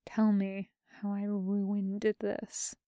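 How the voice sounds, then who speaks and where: Bren, a woman voicing a hushed, tense young man. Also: monotone, very slow, dry recording, studio quality. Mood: hushed, anxious. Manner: quiet, low and hushed.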